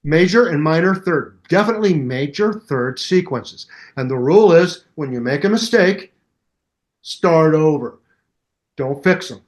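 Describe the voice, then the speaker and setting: Animated older man telling stories. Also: measured pace. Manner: animated storyteller who scats bass lines aloud. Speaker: bass teacher and musician guest. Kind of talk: casual storytelling interview.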